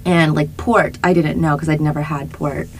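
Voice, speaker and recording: A young woman co-hosting a podcast, telling a lively story in casual chat with lots of fillers and laughter. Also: low-pitched, normal speed, a little hiss or hum, poor audio. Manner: animated, laughing, many fillers. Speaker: podcast co-host.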